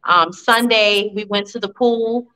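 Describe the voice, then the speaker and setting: A woman in her forties from Virginia, a podcast guest and mother, telling family stories in an animated, chatty interview. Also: mid-range voice, measured pace, poor audio. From Virginia, USA. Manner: animated, warm storytelling with laughs. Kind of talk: casual interview storytelling.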